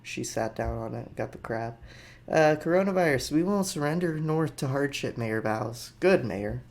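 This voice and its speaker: A man's voice: mid-range voice, animated, moderate pace. A man hosting a podcast who reads news headlines and riffs on them with jokey, rambling asides. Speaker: podcast host. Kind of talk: casual comedic news commentary.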